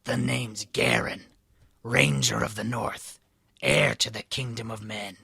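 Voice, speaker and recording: A man voicing a brooding hooded male ranger in a comedic tabletop story, speaking slowly and sinking into a whisper. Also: steady tone, vocal fry, pushed and bright, heavily acted. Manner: slow, low, dramatic, trailing into a whisper.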